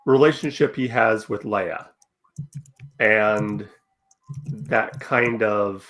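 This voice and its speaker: A man's voice: fairly low pitch, extremely slow, fairly bright tone, soft background music. A man co-hosting a casual podcast discussion, hesitant and searching for words as he talks. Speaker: podcast co-host.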